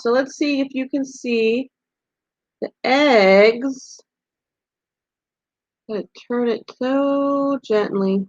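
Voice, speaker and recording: Teacher type: gentle woman reading to small kids over a muffled, dry home recording. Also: sits high, drawn-out words, pauses often, dry recording. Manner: gentle, explains picture cards and reads aloud. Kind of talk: distance-learning lesson for young children.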